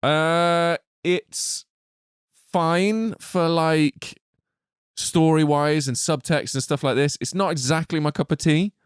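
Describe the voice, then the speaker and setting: A man's voice: a little high, steady tone, slow pace, clean tone, dry recording, studio quality. A man co-hosting a film podcast, chatting casually with plenty of swearing and easygoing enthusiasm. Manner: swearing, enthusiastic, laid-back. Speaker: podcast co-host. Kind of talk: casual chat.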